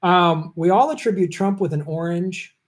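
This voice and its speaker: Male livestream host, casual, rambling, fills pauses with ums and little laughs. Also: high-pitched. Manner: rambling, many ums, chuckles, jokey asides. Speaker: show host answering viewer questions.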